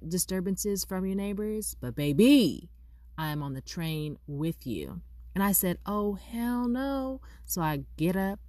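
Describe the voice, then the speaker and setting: A woman vlogger telling a personal story in a casual way, acting out both sides of the conversation with lively delivery. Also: low-pitched, no echo, studio quality. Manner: animated, acts out both sides of a dialogue.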